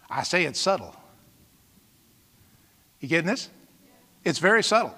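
A man's voice: high-pitched, animated, a little slow, long pauses, bright, forceful tone, long reverb tail. A man preaching a sermon as pastor, emphatic, with dramatic exclamations and rhetorical questions to the congregation.

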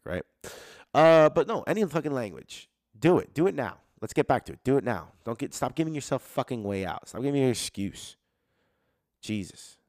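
A man's voice: lowish voice, darkish tone, no echo. A young adult man hosting a solo podcast, talking casually and bluntly with lots of swearing and pep-talk energy. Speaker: podcast host.

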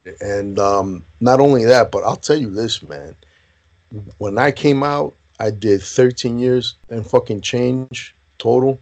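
A man telling crude, animated service stories in casual chat, peppering them with bro and man. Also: medium pitch, unhurried. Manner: profane, animated storyteller, says bro and man a lot.

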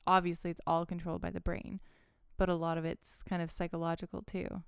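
A woman's voice: on the low side, flat delivery, brisk, vocal fry, clear, resonant tone, no echo, studio quality. A woman co-hosting a casual chat and telling stories, chatty and sprinkling in filler likes. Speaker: podcast co-host telling stories.

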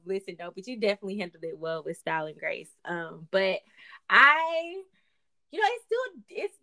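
A woman co-hosting a faith podcast, chatting expressively with frequent laughs and sudden upward swings in pitch. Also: big pitch swings, normal speed, pushed and bright. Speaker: podcast co-host.

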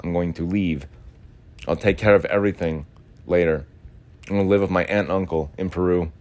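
A young man with a deep, low voice talks off the cuff in a loose, rambling monologue. He leans on endless filler words and casual swearing, drifting from one thought to the next like an unscripted podcast host. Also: fairly even intonation, a little fast, darkish tone.

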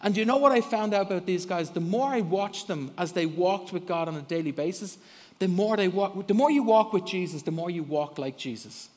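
A man's voice: high-pitched, fairly quick. A middle-aged man preaching a sermon in church, telling stories with lots of laughs and repeated words. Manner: animated storyteller, laughs often, repeats words when starting. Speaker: guest preacher. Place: church hall. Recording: long hall reverb.

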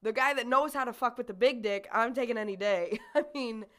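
A young woman in her twenties chatting casually on a podcast. She is excitable and blunt, and she laughs loudly. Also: fairly high pitch, fairly quick. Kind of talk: casual chat.

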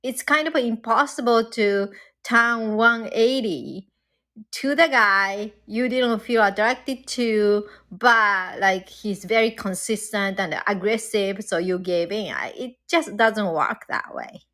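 Slow-talking woman podcast co-host. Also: medium pitch, bright, forceful tone. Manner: unhurried, reflective, many fillers. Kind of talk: candid podcast chat.

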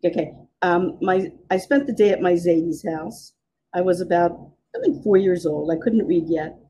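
A woman, the host's mother, chatting casually on a podcast and telling family anecdotes in a relaxed, homey way. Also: on the low side, moderate pace, husky, poor audio.

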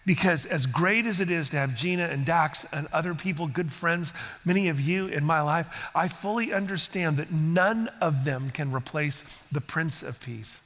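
Speaking at a moderate pace, an older man with a fairly high, slightly bright voice preaches as pastor in a church sanctuary, where a long reverb tail follows his words. He's earnest and conversational, now and then acting out people's quotes.

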